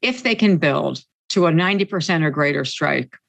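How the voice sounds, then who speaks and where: A woman's voice: deep voice, lively intonation, normal speed, creaky. Emphatic woman organizer explaining strategy. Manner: emphatic, insistent, repeats key points. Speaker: labor organizer and trainer. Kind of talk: interview answers.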